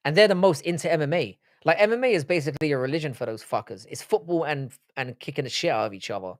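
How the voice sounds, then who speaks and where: A man's voice: fairly high pitch, animated, fast, no echo, clean studio sound. A man hosting a live stream, chatting casually, reading chat comments aloud and answering with swearing banter. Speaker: livestream host.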